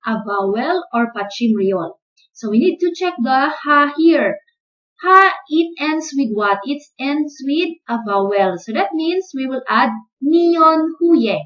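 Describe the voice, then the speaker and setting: A woman's voice: high voice, fairly bright tone, dull audio. A woman teaching a grammar lesson, explaining patiently step by step and repeating each point. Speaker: language teacher.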